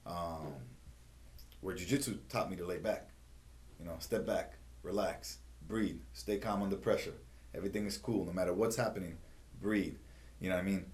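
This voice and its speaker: A man's voice: low voice, fairly even intonation, normal speed, a little mellow. A middle-aged man, a jiu-jitsu instructor, talking casually and animatedly in an interview, often asking "you know what I mean".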